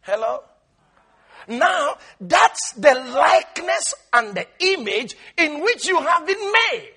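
Animated and very high-pitched, a male pastor works through his sermon, elongating words for emphasis and pausing to laugh.

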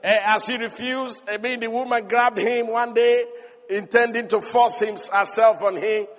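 A man preaching a sermon emphatically, rising to shouts and calling out hallelujah. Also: extremely high pitch, fairly even intonation, moderate pace, big-room sound.

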